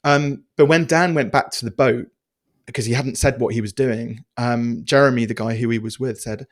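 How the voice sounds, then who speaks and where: A man, a podcast guest telling stories in a casual, animated way with many restarts. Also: medium pitch, fast talker. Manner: animated, chatty storyteller with many restarts and fillers. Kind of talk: casual storytelling interview.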